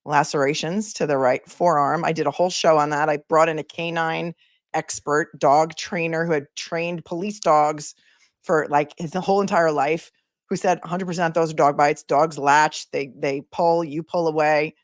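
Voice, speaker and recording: A woman attorney hosts a casual legal livestream with a somewhat low voice. She talks in an animated, emphatic way and piles up her points in lists. The sound is dry and close, with no room in it. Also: moderate pace, dry recording. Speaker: attorney and show host.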